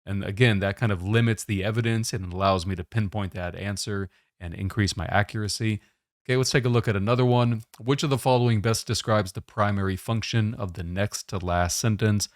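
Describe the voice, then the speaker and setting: A man giving a test-prep lesson, explaining question types in a steady, methodical way. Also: lowish voice, brisk, dry recording, clean studio sound.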